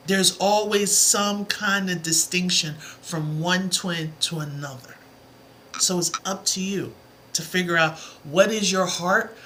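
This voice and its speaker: A woman's voice: medium pitch, pushed and bright, slight background noise. A woman math tutor on a live stream, talking earnestly and encouragingly to her viewers, rambling from one point to the next. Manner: rambling, with many asides. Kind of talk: motivational livestream talk.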